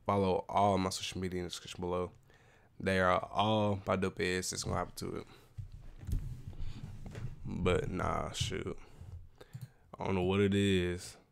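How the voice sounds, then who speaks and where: Laid-back gravelly man, congested. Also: deep voice, flat delivery, normal speed, long pauses. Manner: laid-back, rambling, slangy. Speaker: reaction video host. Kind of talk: casual reaction commentary.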